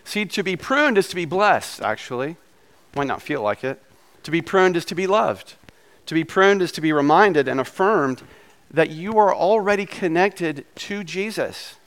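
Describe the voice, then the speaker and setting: A male pastor giving a conversational sermon, his voice slightly hoarse from a recent illness, with casual asides in his preaching. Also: fairly high pitch, fairly bright tone.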